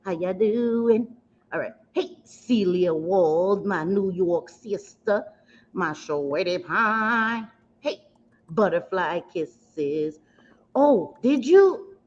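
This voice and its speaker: A woman's voice: mid-range voice, expressive, drawn-out words, a little hiss or hum. A woman hosting a casual makeup livestream, chatting at length and greeting viewers with pet names in a rambling, self-mocking way. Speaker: beauty livestream host. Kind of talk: casual livestream chat while doing makeup. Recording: slightly dull lo-fi livestream audio.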